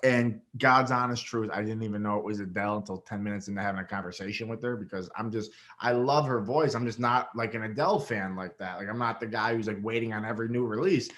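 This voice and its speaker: A young man from Rochester, New York, a guest telling a story in a casual interview, animated and swearing, acting out quotes with big jumps in his voice. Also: on the low side, fast, few pauses. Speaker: guest, reality show winner.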